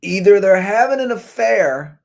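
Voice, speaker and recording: Male podcast host, high and bouncy delivery, animated joking rant, laptop mic. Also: moderate pace, creaky. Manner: animated, jokey, talks over clips. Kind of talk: ranting commentary on viral videos. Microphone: computer's built-in mic.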